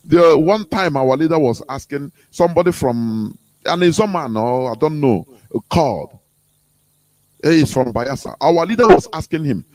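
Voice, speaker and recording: A Nigerian man hosts a radio talk and lectures his listeners. His pitch climbs and drops all over as he drives his points home, and he breaks into laughs between them. His voice sits a little high for a man. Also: dry recording. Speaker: radio host.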